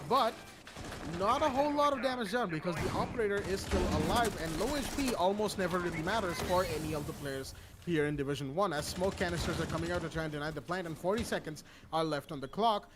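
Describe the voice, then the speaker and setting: A man giving energetic play-by-play commentary on a competitive shooter match, with chatty asides. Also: sits high, quick pace, noisy background. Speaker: esports caster. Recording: game gunfire audible under voice. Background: in-game gunshots and ambience.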